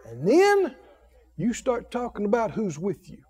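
A man preaches with a strikingly high, lively voice that swoops up and down. He takes his time and stretches out key words. He leads the room in call-and-response and builds to shouted declarations. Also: long reverb tail. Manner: rising to shouted declarations, drawn-out emphatic phrases; leads the congregation to repeat lines.

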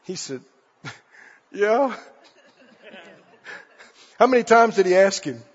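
A male preacher delivers a fervent sermon in a very high voice that swings widely in pitch. His tone is husky, and he keeps firing rhetorical questions at the congregation. The dull recording carries the long reverb of a church hall. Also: big pitch swings, measured pace.

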